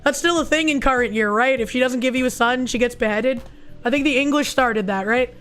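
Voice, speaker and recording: A woman streamer with a hoarse, raspy voice from recent illness, chatting casually and crudely while reading viewer messages. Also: high-pitched, a little fast, fairly bright tone, soft background music. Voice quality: raspy, husky. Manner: casual and crude, swears often. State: hoarse, losing her voice after illness. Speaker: VTuber streamer. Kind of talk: casual livestream chat reading super chats.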